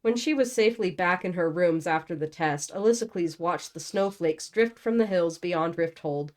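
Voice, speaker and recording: A woman's voice: fairly low pitch, normal speed, a little mellow. A young woman reading a novel aloud and breaking off for casual, joking commentary. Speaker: book channel host.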